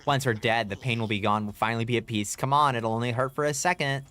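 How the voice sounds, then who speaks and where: A man's voice: mid-range voice, steady tone, quick pace, bright, forceful tone, smooth, lightly acted. A man putting on the voice of a cheeky, unhinged schoolgirl prankster, reading game dialogue aloud with teasing, slangy banter. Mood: creepy.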